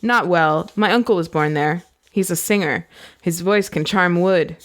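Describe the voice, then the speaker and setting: A woman reading a novel aloud, voicing a disguised young lady who pitches her voice lower than usual. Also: a little slow, a bit bright. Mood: earnest. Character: young woman in disguise, speaking low at a ball.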